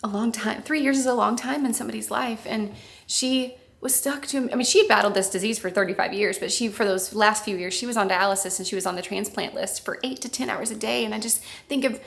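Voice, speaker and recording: A woman's voice: mid-range voice, quick pace, creaky. A woman author co-hosting a casual chat, speaking in a heartfelt, reflective way. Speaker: author and co-host.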